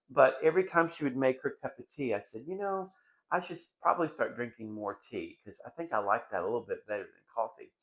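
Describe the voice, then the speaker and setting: A man's voice: mid-range voice, creaky, highs cut off. A middle-aged man hosting a casual home vlog from his dining room, chatty and rambling, often breaking into giggles. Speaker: vlog host.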